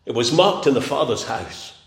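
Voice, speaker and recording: A man's voice: mid-range voice, animated, normal speed, gravelly. A man preaching a sermon with an emphatic, repetitive cadence. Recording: echoey hall.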